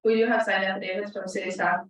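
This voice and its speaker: A woman's voice: medium pitch, fairly even intonation, heavy reverb, distant mic, low-quality recording. A woman deputy city clerk reading formal oath wording at a meeting. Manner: brisk, reads set wording.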